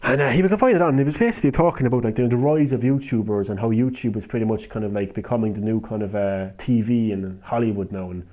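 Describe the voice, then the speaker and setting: A man's voice: medium pitch, animated, fairly quick, darkish tone, lo-fi sound. A young Irish man streaming games, rambling and ranting casually with lots of swearing. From Ireland. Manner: swears freely, rants, laughs. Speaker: gaming live streamer.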